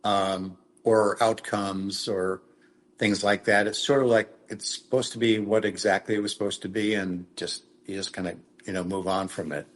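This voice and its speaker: An older actor from Minnesota, a guest in a casual interview, telling rambling anecdotes and acting out quoted lines. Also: male voice, fairly low pitch, steady tone, moderate pace. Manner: rambling storyteller, acts out quotes.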